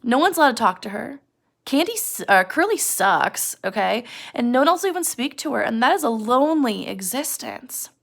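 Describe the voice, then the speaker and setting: A woman's voice: a little high, moderate pace, gravelly. A woman teacher retelling a novel chapter to her class, acting out the characters' quoted lines. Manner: retells scenes with animated quoted voices.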